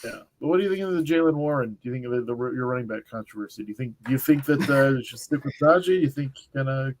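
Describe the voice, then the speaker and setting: A man on a casual sports podcast panel, halting and restarting his questions. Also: mid-range voice, lively intonation, a little hiss or hum.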